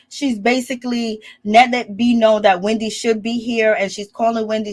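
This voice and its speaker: A woman doing a casual, sassy reality show recap, chatty and quick to laugh. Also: fairly high pitch. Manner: sassy, chatty, peppers lines with "okay?" and "child"; laughs often.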